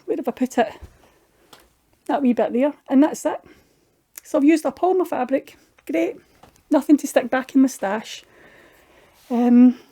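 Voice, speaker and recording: Scottish woman, middle-aged, fairly high voice, mellow tone, chatty craft vlog. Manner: chatty, homely, with frequent restarts. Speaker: craft vlogger. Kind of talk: casual show-and-tell chat.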